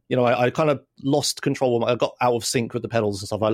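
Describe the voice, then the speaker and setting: A young man telling a rambling, animated story on a casual podcast. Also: medium pitch, very fast. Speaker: podcast host.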